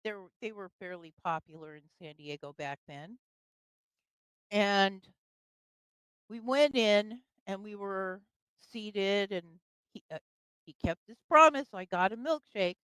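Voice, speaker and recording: A woman's voice: mid-range voice, animated, slow, pauses often, a bit bright, smooth, no echo, rough recording. An older woman telling a personal story in casual conversation, with fillers and laughs. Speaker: guest storyteller.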